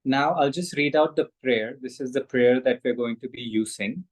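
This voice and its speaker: A man guiding a mantra meditation, soft-spoken, often checking in with "right?". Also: medium pitch, normal speed, low-quality recording. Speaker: meditation facilitator. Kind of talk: guided meditation and mantra teaching.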